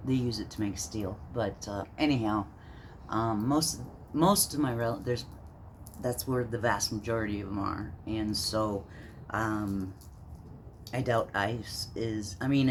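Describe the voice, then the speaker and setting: Slow, rambling, profane woman ranting. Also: very deep voice, a little hiss or hum. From Minnesota. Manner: rambling, profane, halting with many fillers. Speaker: vlogger. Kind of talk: ranting monologue.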